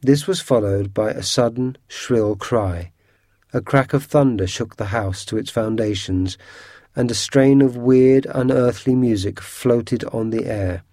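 Guy reading a storybook aloud, unhurried, warm low tone, no room echo. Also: clean studio sound. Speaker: narrator. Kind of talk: audiobook storybook narration.

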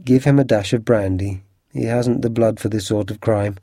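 Stern calm detective, man reading him, dark mellow tone, dry sound. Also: lowish voice, dry recording. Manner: measured, stern delivery. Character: cool, stern male detective, commanding.

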